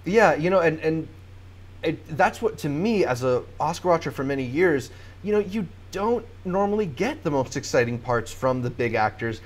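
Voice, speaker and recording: A man's voice: on the high side, animated, normal speed. A man hosting a casual podcast, talking through long, run-on points about awards shows. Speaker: podcast host.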